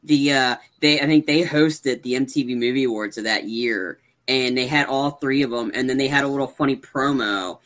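A man co-hosting a casual podcast, retelling movie scenes in a rambling, animated way with lots of fillers. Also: medium pitch, normal speed, hardly any pauses. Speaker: podcast co-host. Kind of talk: casual chat.

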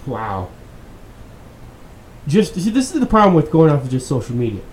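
A man's voice: fairly high pitch, sing-song, moderate pace, darkish tone. A man hosting a podcast, giving profane, exasperated and sarcastic news commentary. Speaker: podcast host. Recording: echoey room with faint background noise.

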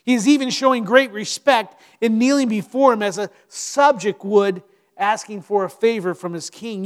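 A man with a notably high voice delivers a sermon. He speaks earnestly and emphatically, slowing down and pausing to let points land. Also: fairly bright tone. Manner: earnest, slow emphatic delivery with dramatic pauses. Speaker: preacher.

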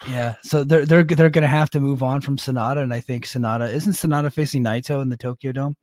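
A man's voice: medium pitch, steady tone, quick pace, darkish tone, no echo, clean studio sound. A man co-hosting a podcast, chatting casually about wrestling with a rambling manner and frequent laughs. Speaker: podcast co-host.

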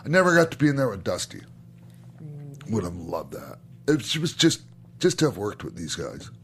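A man's voice: lowish voice, wildly swooping pitch, normal speed, fairly bright tone. A middle-aged man, a former wrestler co-hosting a podcast, telling old stories in a casual, enthusiastic way, swearing freely and restarting sentences. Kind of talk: casual storytelling chat.

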